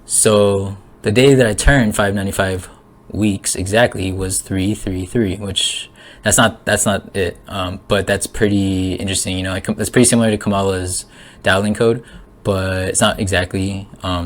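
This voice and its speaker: A young man talking through his theories in an excited, rambling monologue, full of restarts, swearing and sudden rises in his voice. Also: low voice, unhurried. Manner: emotional, voice jumps up. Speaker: conspiracy vlogger.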